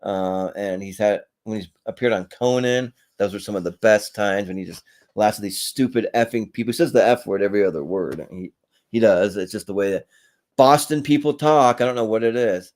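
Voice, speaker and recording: A man's voice: fairly low pitch, a little fast, a little mellow. A young adult man hosting a solo ranking show, chatting offhand and rambling with frequent hesitations. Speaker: podcast host. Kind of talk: casual solo ranking chat.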